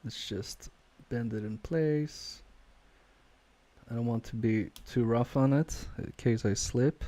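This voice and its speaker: Slow, mellow man thinking aloud. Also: medium pitch. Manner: hesitant, self-questioning, trails off with many fillers; quietly focused, mutters while working. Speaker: electronics repair streamer. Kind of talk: live-stream thinking aloud while soldering.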